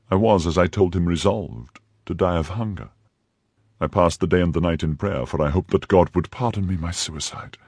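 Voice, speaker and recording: A proud, wronged young noblewoman, as a male reader voices her hurls her vows in impassioned, declamatory bursts. The voice stays deep and gravelly with a husky edge, in a dry, close storybook reading. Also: a little mellow, no echo. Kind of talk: audiobook reading.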